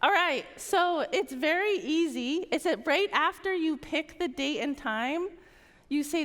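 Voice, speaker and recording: A woman's voice: high voice, animated, unhurried, a bit bright. A woman sales trainer giving a casual stage talk at a large conference, coaching the audience and checking in with them. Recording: long hall reverb.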